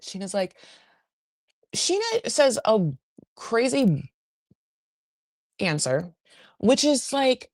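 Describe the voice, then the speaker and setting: A woman hosting a podcast, chatting in a gossipy, animated way full of asides as she recaps a reality show. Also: mid-range voice, measured pace, long pauses, dry recording, studio quality. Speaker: podcast host.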